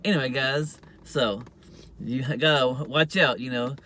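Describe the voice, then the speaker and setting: A YouTube vlogger, a man with a medium-pitched voice and a sharp tone, talks into his phone without hurrying. His casual monologue rambles, and he leans on "you know" at every turn.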